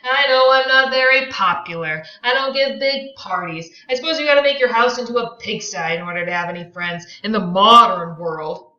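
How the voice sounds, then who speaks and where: A woman voicing an arrogant, contemptuous rich man while reading a novel aloud, loud and incredulous. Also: mid-range voice, expressive, brisk, few pauses, muffled recording. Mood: scornful. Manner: sneering, incredulous, loud outbursts.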